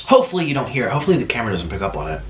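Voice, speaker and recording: A man hosting an eating video at home, chatting casually and rambling between bites. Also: rapid-fire. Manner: chatty, rambling, animated swings in pitch. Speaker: mukbang host. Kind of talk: casual chat while eating. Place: room at home. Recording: echoey room with faint background noise.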